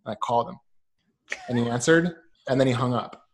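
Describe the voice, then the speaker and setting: A man in his thirties tells a story as a guest in a relaxed podcast chat. His voice sits at an ordinary middle pitch, and he fills gaps with ums. He slips into quick impressions when he repeats what other people said. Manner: animated, acts out quoted voices, many ums.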